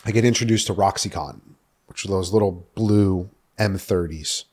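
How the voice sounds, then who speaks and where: Swearing freely and peppering his speech with "uh" and "like," a thirty-something New Yorker shares his own story candidly as a podcast guest. He talks at normal speed in a low voice that's a little mellow and slightly rough.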